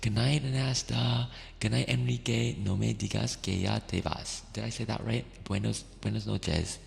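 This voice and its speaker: Deep gravelly man, soft ASMR whisper. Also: fairly even intonation, normal speed, in a large hall. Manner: gentle, affectionate, laughs often, slips between whisper and soft voice. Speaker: ASMR streamer. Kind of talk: ASMR stream wrap-up, soft whispered affirmations.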